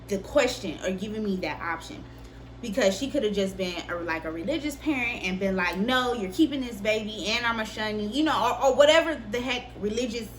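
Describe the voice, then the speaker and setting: A young woman casually telling a personal story on her vlog, candid and profane, with lively delivery. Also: medium pitch, a little hiss or hum. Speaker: vlogger.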